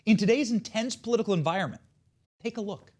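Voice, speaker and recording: A man's voice: high voice, quick pace. A man hosting a show, delivering scripted political commentary in a mocking, sarcastic way. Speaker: show host.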